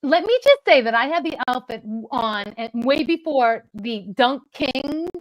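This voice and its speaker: A woman's voice: sits high, lively intonation, unhurried, poor audio. A middle-aged woman, a comedian co-hosting, rambling and laughing as she bickers with her husband. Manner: chatty, giggly, rambling storytelling. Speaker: comedian co-host. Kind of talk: comic bickering chat.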